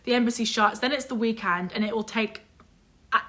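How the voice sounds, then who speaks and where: A young woman telling a story in casual chat, animated and exasperated, swearing freely and mimicking others. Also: on the high side, fairly quick. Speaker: vlog guest telling a story.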